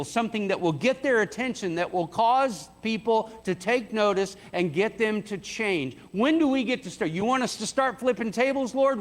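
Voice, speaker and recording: A man preaches conversationally in a church sanctuary, voicing the quoted lines with a rise in pitch. Church hall reverb colors the sound.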